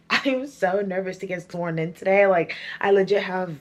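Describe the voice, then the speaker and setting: A young woman chatting casually to camera in a vlog, animated and laughing often. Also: mid-range voice, unhurried. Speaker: vlogger.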